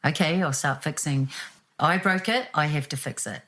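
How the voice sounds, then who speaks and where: Low-voiced New woman telling her story. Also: normal speed. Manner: animated, acts out quotes with laughs. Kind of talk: reflective personal storytelling.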